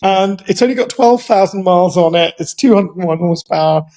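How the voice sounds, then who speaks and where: Male co-host, high register, measured and itemising. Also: darkish tone. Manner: deliberate, lists details one by one. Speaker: podcast co-host. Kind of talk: casual chat.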